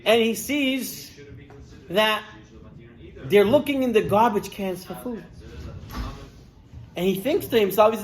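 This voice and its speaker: A rabbi preaching to his congregation, a man with a fairly high-pitched voice. He tells stories with animated energy and slips into the voices of the people in them. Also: a little slow, long pauses, rough recording. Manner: animated storyteller, acts out characters' lines. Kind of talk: sermon with storytelling.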